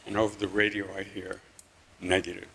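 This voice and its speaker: A man with a low, gravelly voice tells a story at a live story slam. His delivery is dry and understated, with a deadpan humor. A faint hum of the event sits behind him. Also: moderate pace.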